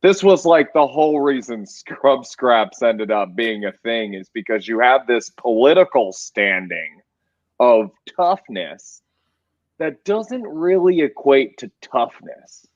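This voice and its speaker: A man's voice: mid-range voice, big pitch swings, takes it slowly, no room sound, muffled recording. A man co-hosting a sports podcast, telling rambling stories and getting fired up about who is toughest. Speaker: podcast co-host. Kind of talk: casual sports chat.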